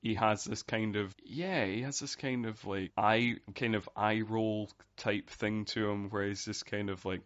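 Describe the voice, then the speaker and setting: A man with a low voice chats as a podcast guest. He rambles and fills his sentences with hesitations. The recording is somewhat dull and lo-fi. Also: steady tone, measured pace, hardly any pauses, a bit bright. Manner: rambling, full of fillers. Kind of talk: casual podcast chat. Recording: dull, lo-fi sound.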